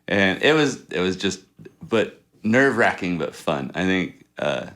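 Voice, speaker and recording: Deep-voiced man, 30s, easygoing rapper guest, rambling and chuckly. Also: very animated, measured pace, fairly bright tone. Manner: laid-back, chuckles often, rambling anecdotes. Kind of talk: casual interview storytelling.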